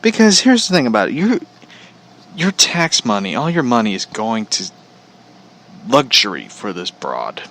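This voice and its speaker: A man's voice: medium pitch, very animated, a little slow, vocal fry, long pauses, a bit bright. A man from Missouri hosting a podcast, ranting casually in a blunt, profane, rambling way. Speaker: podcast host. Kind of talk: casual rant.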